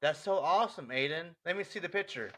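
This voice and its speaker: Quick and fairly high-pitched, a young podcast co-host tells lighthearted stories about his boy in a casual chat. He acts out what was said, stays animated, and breaks into laughter frequently.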